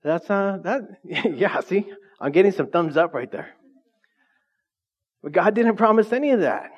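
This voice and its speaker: A middle-aged male pastor preaching a lively, conversational sermon, often asking the congregation questions. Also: sits high, a little slow. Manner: asks the congregation frequent questions. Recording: dull lo-fi sound.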